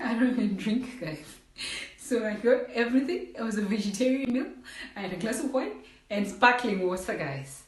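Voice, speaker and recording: A woman's voice: mid-range voice, distant mic. A young woman from Zimbabwe telling a casual storytime to her viewers, acting out the voices in it and calling them "guys" again and again. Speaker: vlogger. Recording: roomy echo.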